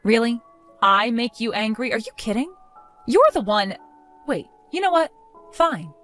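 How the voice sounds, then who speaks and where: A woman's voice: a little high, animated, measured pace, a bit bright, soft background music. A woman playing a sarcastic, fed-up young wife. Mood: indignant. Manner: sarcastic, mocking, dismissive.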